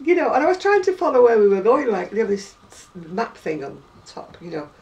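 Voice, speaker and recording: A woman's voice: on the high side, very animated, a little fast, a little mellow, highs cut off. An older woman with a northern English accent, telling stories in a casual chat and laughing often. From northern England. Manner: chatty storyteller, laughs often. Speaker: crochet vlogger. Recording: distant mic, faint noise.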